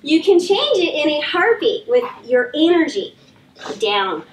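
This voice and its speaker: A woman dog trainer explaining how to introduce a dog to a rabbit in a calm, firm, practical way during a live demonstration. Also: high-pitched, normal speed, recorded from a distance, a little hiss or hum, low-quality recording. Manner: calm, firm commands to dogs mixed with explanation.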